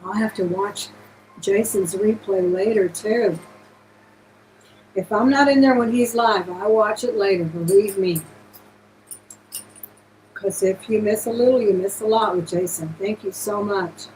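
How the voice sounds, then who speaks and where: A woman's voice: mid-range voice, unhurried, long pauses, a little mellow, a little hiss or hum, low-quality recording. A woman hosting a live-stream jewelry auction, chatting casually and gushing thanks to her viewers.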